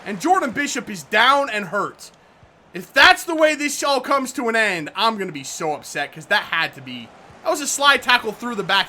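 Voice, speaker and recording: A man commentating his own football video game match, muttering in frustration and shouting out at goals and bad calls. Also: high voice, very animated, moderate pace, slight background noise. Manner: frustrated muttering between outbursts. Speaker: gaming YouTuber. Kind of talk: live gameplay commentary.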